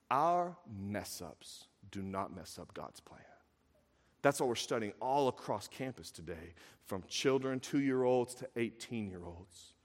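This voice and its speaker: A man preaching a sermon, retelling a story with lively acted quotes and building to emphatic peaks. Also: mid-range voice, moderate pace. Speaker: pastor. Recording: long hall reverb.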